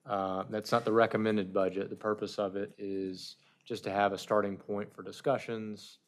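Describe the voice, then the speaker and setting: A man's voice: fairly low pitch, little pitch movement, normal speed. A man giving the town manager's report at a council meeting, speaking off the cuff with fillers and restarts.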